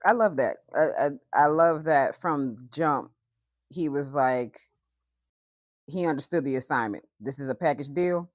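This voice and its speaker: A woman hosting a podcast, asking questions and encouraging her guest with quick, supportive replies. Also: deep voice, dry recording, clean studio sound. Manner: warm, encouraging interviewer, quick affirmations. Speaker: podcast host. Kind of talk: casual podcast chat.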